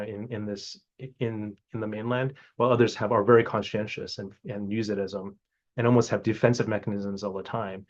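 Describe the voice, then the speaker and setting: A man in his fifties from Hawaii, speaking in a casual, reflective interview and often restarting his sentences. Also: on the low side. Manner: hesitant, many restarts and fillers. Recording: muffled lo-fi recording.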